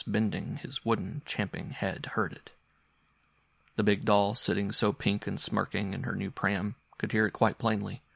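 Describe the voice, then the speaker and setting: A man narrating a story aloud in a calm, measured reading style. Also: fairly low pitch, creaky, dry recording, studio quality.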